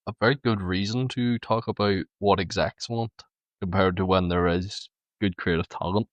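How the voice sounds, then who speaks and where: A man's voice: deep voice, steady tone, normal speed, no room sound. A man, co-hosting a podcast, sharing film news in a wry, teasing way. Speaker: podcast co-host. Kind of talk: casual chat about film news.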